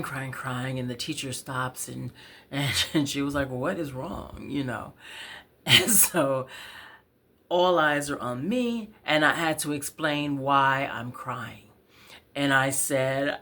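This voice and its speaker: A woman telling a casual personal story in a relaxed, chatty way, clearing her throat now and then from a cough. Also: very deep voice. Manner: slow, relaxed, chatty with fillers and soft laughs. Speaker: poet and storyteller.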